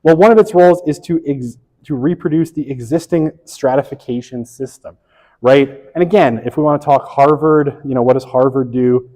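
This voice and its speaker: A man's voice: medium pitch, moderate pace, dark tone. Lecturing man in an echoey hall. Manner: conversational, lots of "right?" tag questions; self-correcting, wry asides. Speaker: college sociology instructor. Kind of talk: classroom lecture. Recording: long reverb of a lecture hall.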